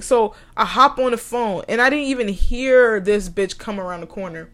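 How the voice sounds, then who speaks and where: A woman's voice: a little high, normal speed, few pauses, a bit bright, faint music behind. A young adult woman hosting a podcast, telling a work story in a casual, heated rant full of swearing. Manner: profane, heated and blunt, with laughs. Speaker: podcast host.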